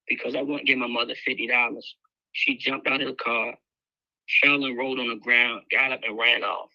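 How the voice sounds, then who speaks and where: Man, candid emotional storytelling, tense bright voice, dry close sound. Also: medium pitch, steady tone, moderate pace, vocal fry, dry recording, dull audio. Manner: candid, emotional, loose with fillers. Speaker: guest speaker sharing his life story. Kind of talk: personal storytelling.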